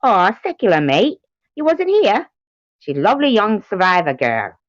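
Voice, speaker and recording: A cheery, bouncy mock-Australian voice, as a woman puts it on. It sits well above her usual pitch and comes out loud and bright. The sound is dull and lo-fi. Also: wildly swooping pitch, normal speed, dry recording.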